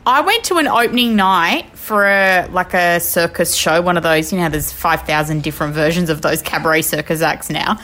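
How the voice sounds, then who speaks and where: A young woman with a somewhat low voice co-hosts a podcast from home. She tells stories in an expressive, animated way. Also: fairly quick, few pauses. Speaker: podcast co-host. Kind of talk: casual chat.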